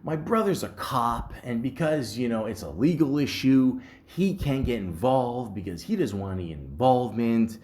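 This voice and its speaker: A woman's voice: extremely low pitch, expressive, normal speed, hardly any pauses, darkish tone. A man voicing an anxious, lonely woman in hiding, who talks in an earnest, rambling way. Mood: forlorn.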